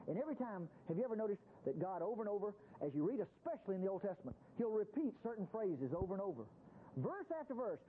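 A man preaching a Bible-teaching sermon in a folksy, conversational way. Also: sits high. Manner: folksy, conversational, acts out quotes in voices. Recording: tinny phone-like radio broadcast with faint hiss.

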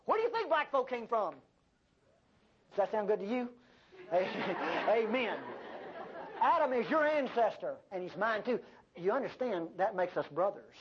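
An older woman preaching a sermon, with an animated delivery and folksy asides. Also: mid-range voice, a little slow, long pauses, some chatter behind, slight background noise. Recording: dull lo-fi sermon recording.

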